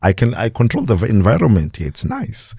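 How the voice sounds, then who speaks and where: A man's voice: fairly low pitch, brisk, gravelly, slightly rough, dry recording, clean studio sound. A South African man on a podcast, telling stories in a casual interview and acting out the people he quotes. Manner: animated, acts out quoted voices, laughs often. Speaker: podcast guest.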